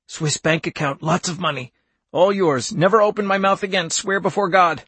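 A man voicing a terrified old male scientist who pleads hoarsely and fast. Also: high-pitched, a bit bright, pitched above the performer's own voice. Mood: panicked.

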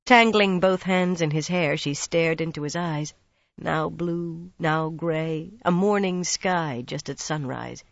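A narrator reading a fantasy novel aloud in a steady, measured way. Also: mid-range voice, vocal fry, no echo, lo-fi sound. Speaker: audiobook narrator.

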